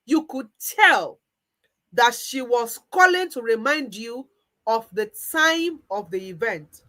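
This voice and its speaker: A woman coach with a Nigerian accent tells a story in the second person, guiding the listener through an imagined day. Her voice is fairly high, and her storytelling is lively. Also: slow, rough recording. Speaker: weight-loss coach. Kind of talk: guided visualization narration.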